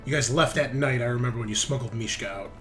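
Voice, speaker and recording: A man's voice: mid-range voice, fast, fairly bright tone, soft background music. A man narrating as game master of a tabletop game, casual, joking and profane.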